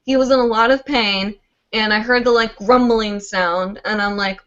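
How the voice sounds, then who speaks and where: A woman's voice: a little high, fairly even intonation, moderate pace, a bit bright. A woman hosting a live online show, chatting casually and rambling with lots of "like" and "um". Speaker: host of a live hooping show. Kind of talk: casual livestream chat. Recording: dull lo-fi livestream audio.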